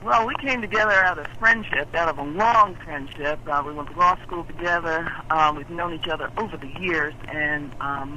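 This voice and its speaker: A woman calling in to a radio show as a guest, explaining calmly how her group began. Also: low voice, slight background noise, low-quality recording. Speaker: caller, lawyer guest. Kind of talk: phone-in interview.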